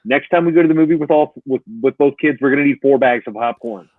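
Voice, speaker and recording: A man's voice: mid-range voice, quick pace, no room sound. Jokey man on a tinny line. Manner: joking, laughs often. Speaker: podcaster on a livestream panel. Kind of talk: casual chat.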